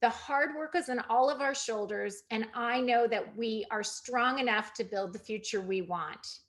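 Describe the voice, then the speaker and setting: Party chair, woman, slightly high voice, wrapping up a video call meeting. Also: normal speed. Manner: warm thanks, chatty with fillers.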